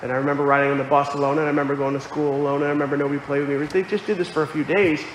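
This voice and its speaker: Guy giving an earnest sermon, kinda high voice, big echoey hall with faint room hum. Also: flat delivery, very fast. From Connecticut. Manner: earnest, explanatory, quotes scripture aloud. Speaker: preacher.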